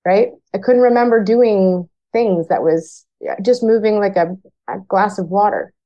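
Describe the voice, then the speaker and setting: Telling her story candidly, a firefighter guest from Canada speaks in a plain, frank way and re-enacts dialogue from memory. She talks unhurriedly at a medium pitch, and the audio is missing its high frequencies.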